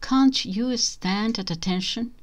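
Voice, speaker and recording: A woman's voice: a little high, lively intonation, a little slow, pitched above the performer's own voice. A woman voicing a stern male bureaucrat who is scandalized by rule-breaking, in a spoken storybook reading.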